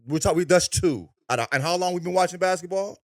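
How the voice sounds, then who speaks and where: A man's voice: high-pitched, a little fast. A man co-hosting a sports podcast, talking in a casual, profane, slang-heavy way. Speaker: podcast co-host.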